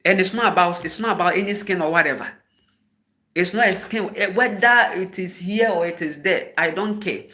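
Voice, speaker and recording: A Ghanaian man giving an impassioned spoken address as a spiritual teacher, scolding and emphatic, hammering home points with repeated sharp rhetorical questions. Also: sits high, moderate pace.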